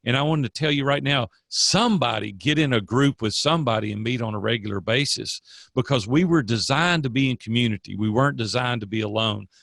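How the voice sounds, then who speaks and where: Older male guest, gravelly, dry close mic, earnest and preachy. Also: medium pitch, a little fast, a bit bright, no room sound. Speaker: guest, coach. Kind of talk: casual interview storytelling.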